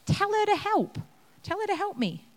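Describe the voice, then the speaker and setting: A woman's voice: mid-range voice, sing-song, unhurried. A woman voicing an exasperated, overworked hostess. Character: harried woman host, exasperated and complaining. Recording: long reverb of a hall.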